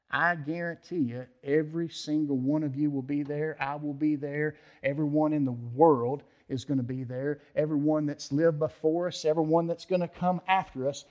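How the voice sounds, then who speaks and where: A man's voice: fairly high pitch, darkish tone. A man preaching a sermon as pastor, telling stories with emphatic rises and drops and praying at the close. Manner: emphatic storytelling preacher, acts out quoted voices. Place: church.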